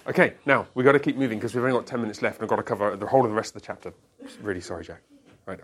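A man teaching an interactive Bible study, asking the group questions and explaining with quick asides. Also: lowish voice, fairly even intonation, a bit bright.

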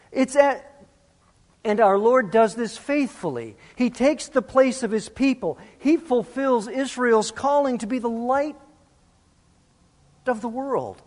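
High-voiced preacher in an echoing hall. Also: male voice. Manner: emphatic, with rhetorical questions. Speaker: pastor. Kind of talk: sermon.

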